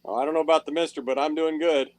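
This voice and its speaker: A man's voice: on the high side, steady tone, racing, no echo. A man being interviewed as a guest, modest and matter-of-fact. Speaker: guest puller. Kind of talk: casual interview answers.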